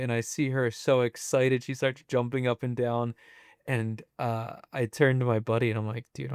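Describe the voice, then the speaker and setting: A young man in his twenties speaks as a podcast guest, telling a personal story at an easygoing pace and leaning on casual fillers. His voice is smooth and clean, sitting in the middle of the male range. The sound is dry and close, with no room echo. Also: medium pitch. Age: 20s. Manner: relaxed, chatty, loose with fillers.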